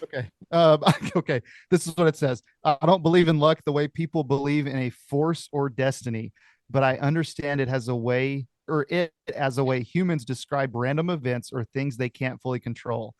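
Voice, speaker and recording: Low-key male co-host reading aloud. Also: normal speed, no echo, studio quality. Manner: reads chatbot replies aloud, low-key. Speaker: podcast co-host. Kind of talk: casual podcast chat.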